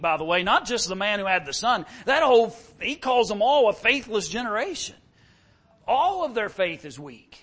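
A man's voice: high voice, fairly bright tone. A middle-aged man preaching a sermon as pastor, impassioned and full of rhetorical questions.

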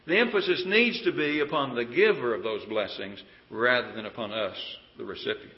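A man's voice: mid-range voice, fairly quick, few pauses. A man preaching a sermon in an earnest, pleading way, often asking his listeners questions. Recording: roomy, dull lo-fi sound.

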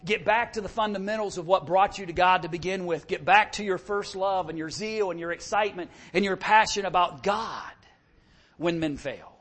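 A middle-aged pastor with a high, fairly bright voice preaches a sermon at normal speed. He's impassioned, filling his delivery with rhetorical questions.

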